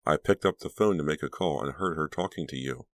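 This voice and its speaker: A man's voice: rumbling low, fairly quick, dry recording. A man reading an audiobook, voicing an anxious, troubled teenage girl who sounds tense and breathless. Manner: tense, pleading, breathless at times.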